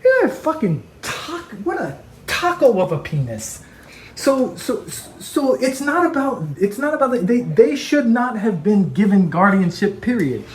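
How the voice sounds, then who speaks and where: A man arguing heatedly on a call, ranting and mocking others in quick impressions. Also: high-pitched, big pitch swings, slight background noise. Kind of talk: heated phone argument.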